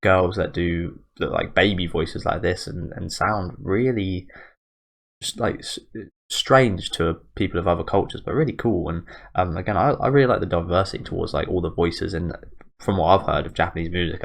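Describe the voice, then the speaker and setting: A man's voice: deep voice, creaky. A young man hosting an anime reaction video, rambling casually with lots of fillers and restarts. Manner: rambling, filler-heavy, self-correcting. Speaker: anime reaction channel host.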